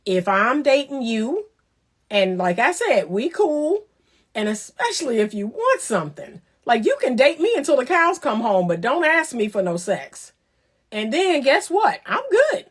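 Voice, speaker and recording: Animated woman giving blunt dating advice. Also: a little high, measured pace, husky. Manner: animated, preachy and teasing, acts out voices. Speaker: relationship talk host. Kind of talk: casual advice monologue.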